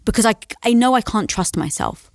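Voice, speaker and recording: A young adult woman as an interview guest, telling a personal story in a casual, animated way. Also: fairly high pitch, a little fast, gravelly, no echo, clean studio sound. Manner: animated storyteller who acts out quoted dialogue.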